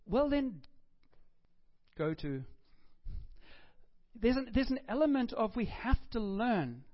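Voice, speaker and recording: A middle-aged man with a high voice preaches a sermon in a relaxed, chatty manner, slipping in jokes. The recording sounds dull and lo-fi. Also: unhurried. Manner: chatty, joking, conversational preaching. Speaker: pastor.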